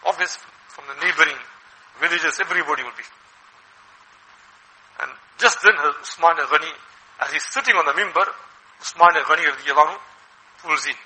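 High, sharp-voiced male preacher. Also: fairly quick, pauses often, low-quality recording. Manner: animated, asks rhetorical questions, acts out quoted voices. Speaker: Islamic preacher. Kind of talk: sermon.

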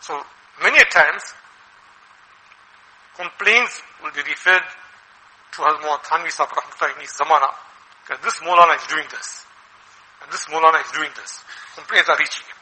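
A man preaching a sermon as an Islamic preacher, animated and full of rhetorical questions. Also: a little high, fairly quick, pauses often, poor audio. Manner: animated, asks rhetorical questions, acts out quoted voices.

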